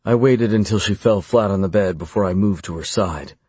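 A man with a very deep, husky voice reads an erotic story in the first person. His delivery is slow, measured and commanding, and the recording is close and dry with no room sound. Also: a little mellow, no room sound. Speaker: audiobook narrator.

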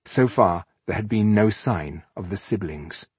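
A man narrating a fantasy audiobook in a measured, even storytelling manner. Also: lowish voice, slightly rough, no room sound.

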